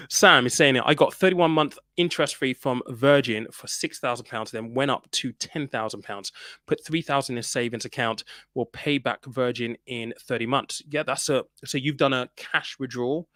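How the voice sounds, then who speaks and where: A man's voice: mid-range voice, moderate pace, pushed and bright, no echo. Chatty man, dry close sound. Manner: chatty and laughing, with frequent restarts and "mate". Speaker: personal finance host reading viewer comments. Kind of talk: casual live-stream chat.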